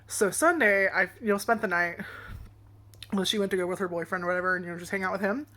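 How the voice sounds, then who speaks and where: A woman's voice: mid-range voice, quick pace, a bit bright. A young adult woman telling a rambling casual story as a vlogger, swearing often and laughing along the way.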